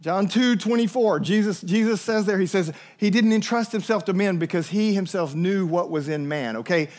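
A man delivers a sermon with lively energy. His voice sits high for a man, and he slips into little acted voices for the people he quotes. He keeps turning to his listeners with questions. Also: normal speed. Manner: animated preacher, acts out quoted voices, asks the listeners questions. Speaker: pastor.

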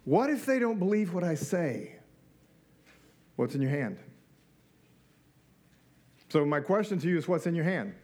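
A middle-aged male pastor delivers a sermon in a relaxed, conversational manner. His voice sits a bit high for a man. He throws rhetorical questions at the listeners and slips in dry, joking asides. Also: measured pace, pauses often.

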